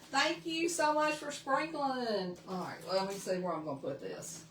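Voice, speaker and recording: A woman's voice: mid-range voice, very animated, moderate pace, hardly any pauses, roomy sound, far from the mic, slight background noise. Chatty Southern woman hosting a craft livestream. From Tennessee. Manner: chatty, greets viewers by name, laughs often. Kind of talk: casual live craft demo.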